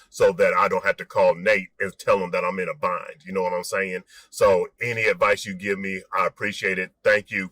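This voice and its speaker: A man calling in to a show, politely asking about his retirement savings in a steady, measured way. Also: low voice, no echo. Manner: polite, measured, with some filler. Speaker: caller. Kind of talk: phoned-in question.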